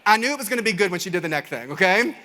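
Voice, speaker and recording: A man with a Kentucky Southern accent giving an animated keynote talk, telling stories to a crowd and calling them y'all. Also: sits high, racing. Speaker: keynote speaker. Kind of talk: energetic keynote storytelling. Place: large conference stage. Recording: reverberant conference hall.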